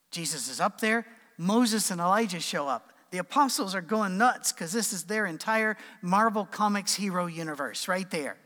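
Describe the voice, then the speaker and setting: A man preaching an informal sermon, conversational with animated asides and acted quotes. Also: sits high, big-room sound.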